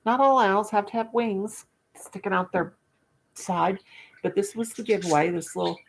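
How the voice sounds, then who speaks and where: A woman's voice: medium pitch, normal speed, a little hiss or hum. An older woman, hosting a casual livestream chat with viewers, folksy and self-mocking, laughing at her own jokes. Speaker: livestream host.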